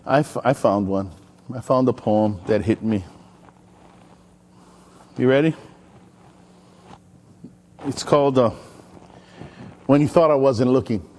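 A male pastor from Maui preaching an animated sermon, telling stories and calling out to the congregation. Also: medium pitch, slow, pauses often, a little hiss or hum. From Maui, Hawaii. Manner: energetic, chatty, storytelling with call-and-response.

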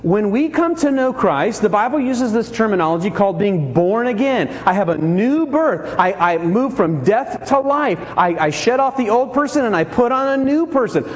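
A man preaching a sermon as pastor, telling the story with lively, acted-out voices for the people in it. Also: very high-pitched, in a large hall. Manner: animated storytelling, acts out characters.

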